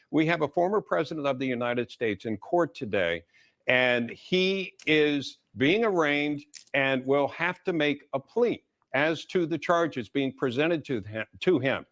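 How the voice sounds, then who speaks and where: A male TV news anchor with a slightly high voice, speaking in a measured, conversational way as he sets up a question for a guest. The sound is dry and close. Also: no echo. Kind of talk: live news coverage.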